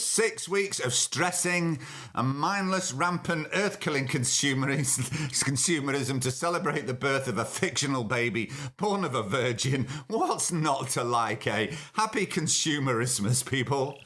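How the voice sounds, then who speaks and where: A man's voice: mid-range voice, animated, measured pace, bright, forceful tone, slight background noise. A man hosting a podcast, delivering a sarcastic, mocking comedic rant. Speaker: podcast host. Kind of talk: comedic ranting monologue.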